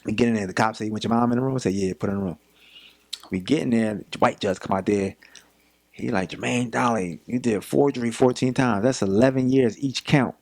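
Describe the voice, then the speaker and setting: A man's voice: mid-range voice, fairly quick, creaky. A young man from Philadelphia, a podcast guest, telling a story casually and acting out the voices of the people in it. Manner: animated retelling, acts out quoted voices.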